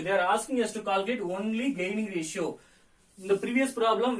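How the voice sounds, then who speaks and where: A man teaching an accountancy lesson, hoarse from a fever, explaining each step and repeating the figures. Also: sits high, recorded from a distance, poor audio.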